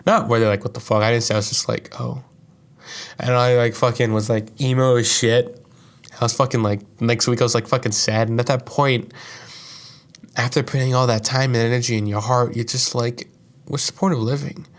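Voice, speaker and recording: Speaking briskly with a flat, medium-pitched delivery, this young man hosts a podcast and rambles casually through a personal story. Profanity and fillers run throughout, especially "like."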